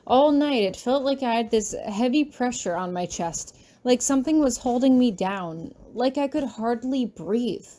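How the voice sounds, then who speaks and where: A woman reading her fan fiction aloud in the first person, soft and anxious in tone. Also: fairly high pitch, expressive, a little slow. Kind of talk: first-person audiobook narration.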